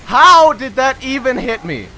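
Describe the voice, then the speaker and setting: A man giving live gameplay commentary, frustrated and ranting, sometimes breaking into loud shouts. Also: very high-pitched, very animated, measured pace, a little hiss or hum. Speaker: gamer recording gameplay commentary.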